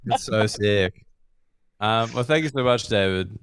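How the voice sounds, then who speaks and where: An Australian man hosting a comedy podcast, joking around in casual banter with quick asides. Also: on the low side, expressive, fairly bright tone, smooth, no echo, studio quality. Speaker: podcast host.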